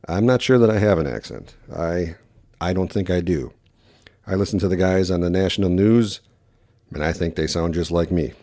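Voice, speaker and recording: Brief: male podcast host, Wisconsin accent, deep mellow voice, fast and rambling, lots of "um" and "uh". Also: dry recording, studio quality. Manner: quick, rambling talk with many fillers. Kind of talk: casual solo podcast.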